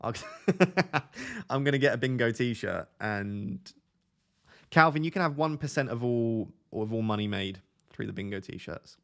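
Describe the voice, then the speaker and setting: A man's voice: medium pitch, measured pace, creaky, a bit bright. Chatty nasal man streaming live. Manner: chatty, jokey, drifts between topics. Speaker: fantasy football live streamer. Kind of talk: casual live stream, reading chat aloud. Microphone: desk microphone.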